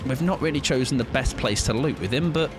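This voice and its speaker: A man's voice: mid-range voice, lively intonation, a little fast, music in the background. Chatty English man streaming a game. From England. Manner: chatty, jokey, reads chat aloud while playing. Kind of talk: casual gaming livestream chat.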